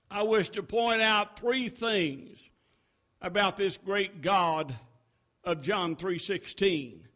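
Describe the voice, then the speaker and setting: A man preaching a sermon, with a slow, emphatic pulpit cadence that builds to loud crescendos. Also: extremely high pitch.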